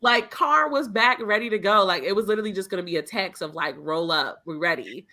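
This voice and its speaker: Bright-voiced woman podcast co-host. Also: medium pitch, quick pace. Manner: animated storyteller, acts out quotes. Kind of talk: casual chat.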